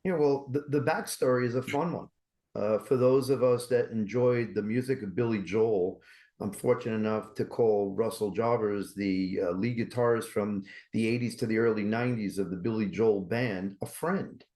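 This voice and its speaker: A man talking as a guest on an interview podcast, energetic and persuasive, often asking rhetorical questions. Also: on the low side, moderate pace. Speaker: guest, mental health campaign creator.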